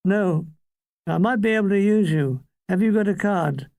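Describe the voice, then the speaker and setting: An older woman doing a brisk male bandleader. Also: mid-range voice, gravelly, mellow, dry recording, natural voice. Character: brusque male orchestra leader.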